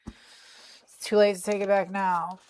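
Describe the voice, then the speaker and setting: A woman's voice: mid-range voice, little pitch movement, slow pace, darkish tone, clear, resonant tone. A woman streaming from her craft desk, chatting playfully and talking to her cat as she works. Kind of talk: casual chat while crafting. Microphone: desk mic, faceless desk view.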